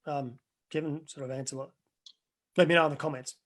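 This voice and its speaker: Middle-aged male coach, earnest and rambling, voice sits a touch high. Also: steady tone, brisk, fairly bright tone. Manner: earnest, rambling with restarts and anecdotes. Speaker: life coach. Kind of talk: webinar Q&A answers.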